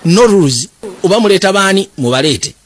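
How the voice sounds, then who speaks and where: A man with a Ugandan accent narrating and translating a film, excited and often shouting. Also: sits high, brisk. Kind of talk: lively voice-over commentary on a film. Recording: film soundtrack music underneath.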